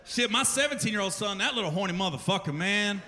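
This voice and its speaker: A man in his forties doing a profane stand-up comedy set, telling animated stories in put-on voices. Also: sits high, fast talker, slight background noise. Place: large theater stage before a laughing audience. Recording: live concert recording with loud crowd and long reverb.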